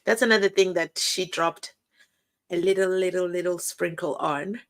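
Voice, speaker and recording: Hosting a live stream, a young South African woman talks at a moderate pace with a fairly low pitch. She's animated as she chats and goes through viewers' comments, laughing frequently and performing the quotes.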